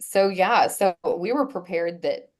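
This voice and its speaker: A woman guest on a podcast, telling a personal story in a casual, earnest way, pausing often with fillers and restarts. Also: lowish voice, darkish tone. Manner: halting, with frequent "um" and restarts.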